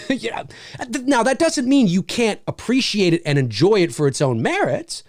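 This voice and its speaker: A man's voice: high-pitched, sing-song, normal speed, a little mellow, dry recording, studio quality. A man hosting a casual livestream Q&A, reading viewer comments aloud, swearing freely and laughing often. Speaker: channel host answering viewer questions.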